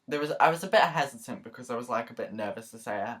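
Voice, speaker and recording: A woman's voice: extremely low pitch, expressive, fast talker. A woman YouTuber talking casually to camera in a chatty, rambling, earnest way, with many asides and fillers. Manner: earnest and emotional. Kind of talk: casual vlog talk to camera.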